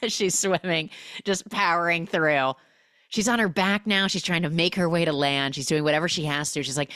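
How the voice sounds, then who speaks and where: A woman's voice: deep voice, expressive, moderate pace, a bit bright, no room sound, studio quality. A woman hosting a podcast, animatedly recapping a film, acting out the characters' lines and humming the score.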